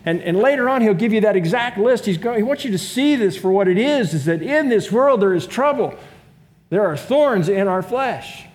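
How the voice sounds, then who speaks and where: A pastor with a high voice delivers his sermon in an easy, conversational way. He keeps turning to his listeners with questions. His words ring out with a long reverb that trails behind them. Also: lively intonation, normal speed. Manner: conversational preaching with rhetorical questions to the congregation. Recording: long reverb of a large room.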